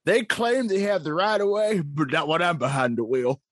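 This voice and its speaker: A man's voice: on the high side, moderate pace, a bit bright, dry recording, studio quality, lightly acted. A man voicing an old male prospector who calls himself a lawman and talks about himself in the third person, on a podcast. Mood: folksy.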